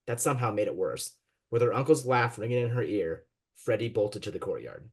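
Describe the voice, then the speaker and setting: Guy reading his own novel out loud on a video call, low husky voice, pretty expressive. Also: a little fast. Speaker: guest author. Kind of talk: reading his fiction aloud.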